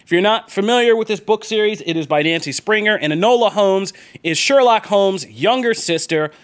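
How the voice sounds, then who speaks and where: A man's voice: high-pitched, brisk, clear, resonant tone. A man hosting a podcast in casual chat, joking and rambling with fillers. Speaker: podcast host.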